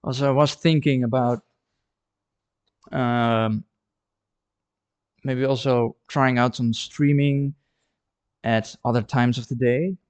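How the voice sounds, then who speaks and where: Man, friendly live-stream chat, art studio, dry sound, mid-pitched voice. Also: steady tone, takes it slowly, long pauses, a little mellow, clean tone, no echo. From Netherlands. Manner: friendly, chatty, repeats words while thinking. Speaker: ceramic artist streaming live. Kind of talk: casual livestream chat.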